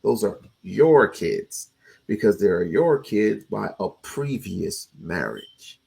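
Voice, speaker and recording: A man with a husky, gravelly voice hosting a casual talk stream. He asks questions in quick bursts, often repeating himself as he tries to get a point out. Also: on the low side, expressive, a little mellow, rough recording. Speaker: talk show host. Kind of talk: casual debate chat.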